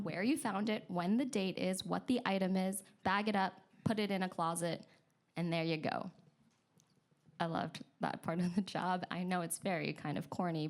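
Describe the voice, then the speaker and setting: Chatty woman telling a funny story. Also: fairly low pitch. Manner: chatty and self-deprecating, laughs often. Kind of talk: live personal storytelling. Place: stage at a live story event.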